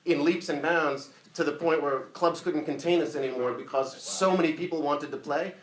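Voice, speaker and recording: A man giving a casual, profane, animated eulogy full of stories at a memorial. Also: fairly high pitch, normal speed. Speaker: eulogy speaker. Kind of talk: funeral eulogy storytelling. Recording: echoey room.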